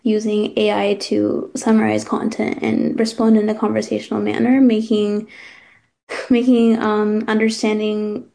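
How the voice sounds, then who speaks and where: A young woman gives a casual pitch for her startup's product over video call. Her mid-range voice is mellow, creaky, and monotone, at normal speed with few pauses. She sounds hesitant, full of fillers and prone to upspeak.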